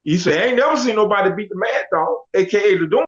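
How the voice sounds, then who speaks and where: High-voiced man telling his story. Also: fast. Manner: animated, quotes others in dialogue. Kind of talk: casual storytelling. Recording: dull lo-fi audio.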